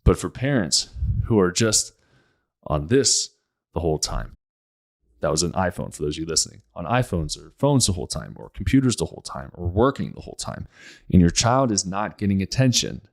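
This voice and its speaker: A man's voice: deep voice, sing-song, a little fast, gravelly. A man hosting a podcast, speaking in a blunt, emphatic casual monologue and often repeating his points. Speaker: podcast host.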